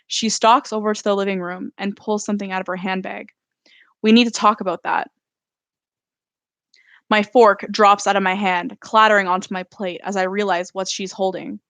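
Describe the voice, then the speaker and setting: A woman author reading her own novel aloud in a steady first-person narration during a live stream. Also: medium pitch, a little fast, few pauses, dry recording.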